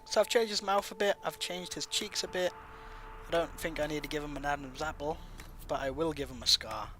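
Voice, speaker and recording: A man hosting a casual let's-play, chatting in a relaxed, amused way as he builds a character. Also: a little high, fairly quick. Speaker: gaming channel host. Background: game music.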